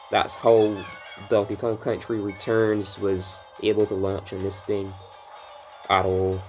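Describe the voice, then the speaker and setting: A man's voice: lowish voice, darkish tone. A man from Barbados giving casual, rambling commentary while playing a racing game, drifting into swearing rants. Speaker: gameplay commentator.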